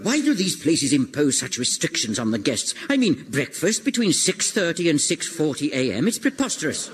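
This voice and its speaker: An actor playing a fussy, prim doctor sidekick who narrates and complains in a radio comedy. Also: male voice, a little high, big pitch swings, normal speed, a little hiss or hum.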